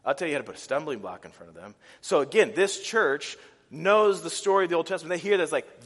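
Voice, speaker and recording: A man preaching a sermon, animated and casual, with many restarts and fillers. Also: a little high, fast talker. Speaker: pastor. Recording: reverberant hall.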